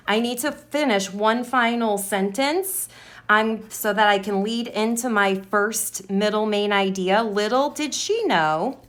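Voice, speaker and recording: Woman writing teacher, unhurried, talks through each sentence as she writes, repeats key words. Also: mid-range voice, a bit bright. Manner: slow, deliberate, repeats words while writing. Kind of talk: classroom writing lesson, modeling aloud.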